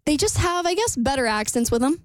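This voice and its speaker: An American woman hosts a podcast chat with a sarcastic edge. Her voice sits a little high. The sound is dry and close. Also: sing-song, fairly quick, no room sound. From United States. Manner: chatty, sarcastic. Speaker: podcast host. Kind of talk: casual chat.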